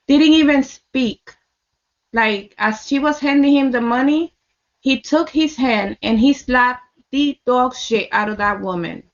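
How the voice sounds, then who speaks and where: A woman's voice: sits high, highs cut off. A woman telling a personal story in blunt, casual speech, swearing heavily and repeating lines for emphasis. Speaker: storyteller recounting her experience. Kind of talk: casual spoken testimony.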